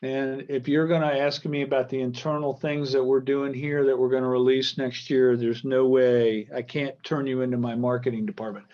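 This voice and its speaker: A man's voice: mid-range voice, level tone, moderate pace, few pauses. An American man in his sixties talks in loose, joking asides that wander and restart. He is a guest on a casual interview over a video call. The call audio is dull and lo-fi. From United States. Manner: jokey, rambling, self-interrupting. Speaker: guitar company founder, guest.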